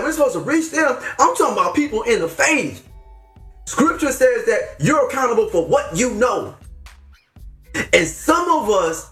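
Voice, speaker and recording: A man's voice: extremely high pitch, fairly bright tone, reverberant. A man hosting a faith podcast, talking with fervent, slangy preachiness, upset and near tears. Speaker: podcast host. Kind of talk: impassioned faith talk.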